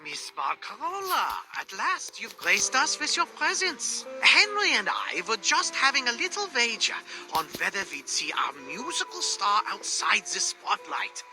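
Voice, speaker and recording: A man voicing a jovial middle-aged male cruise passenger in a game, hearty and flattering. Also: on the high side, very slow, hardly any pauses, music in the background, full character voice.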